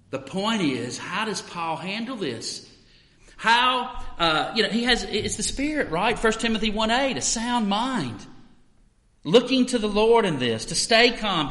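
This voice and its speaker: Male pastor, fairly high and bright, emphatic sermon delivery, long reverb of a church hall. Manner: emphatic, swinging between loud stresses and quiet asides. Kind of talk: expository sermon.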